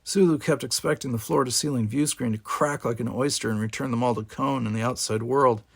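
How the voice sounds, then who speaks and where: A man reads a novel chapter aloud in a steady narrating voice. His tone is gravelly with a husky, unclear edge, and he slips into voices for the characters. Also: mid-range voice, brisk. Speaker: audiobook reader. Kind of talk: fan-fiction audiobook narration.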